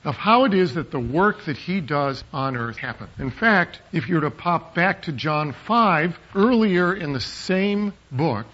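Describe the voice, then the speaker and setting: A man preaching a sermon as a pastor, animated, acting out quoted voices for humor. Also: fairly high pitch, measured pace, hardly any pauses. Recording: muffled lo-fi sound.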